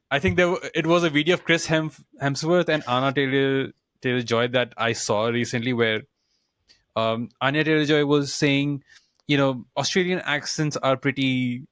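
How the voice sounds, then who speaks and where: A man's voice: a little high, fairly bright tone, dry recording. Chatty Indian-accented male co-host, dry sound. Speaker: podcast co-host. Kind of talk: casual podcast interview.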